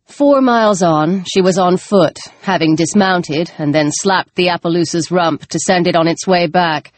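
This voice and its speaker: A woman narrating an audiobook, expressive, her voice rising in the tense action scenes. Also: fairly low pitch, moderate pace, no room sound. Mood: calm. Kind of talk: scripted narration.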